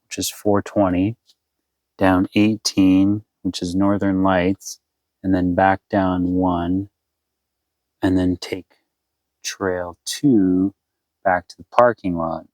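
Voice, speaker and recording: A man's voice: deep voice, little pitch movement, takes it slowly, pauses often, a little mellow, no room sound, low-quality recording. A man chatting casually to his viewers in a vlog, rambling and thinking aloud as he plans his route. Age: adult, past eighteen. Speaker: vanlife vlogger. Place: inside his camper van.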